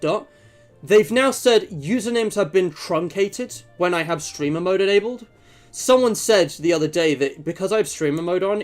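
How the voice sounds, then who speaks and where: A young man streaming, chatting casually and rambling with jokes and fillers. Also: high voice. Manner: rambling and joking, many fillers. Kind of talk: casual chat.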